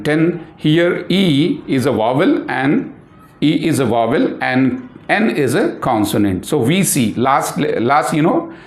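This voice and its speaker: Male English teacher, first language Urdu, slightly high voice, spells words out and repeats himself; echoey room. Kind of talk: classroom phonics lesson.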